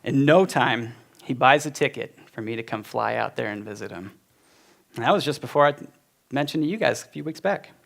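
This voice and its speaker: A man's voice: medium pitch, expressive, brisk, vocal fry, fairly bright tone. A man in his forties giving a personal testimony at a church gathering, telling his story in a heartfelt, conversational way with many fillers. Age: 40s. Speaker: speaker at a church community.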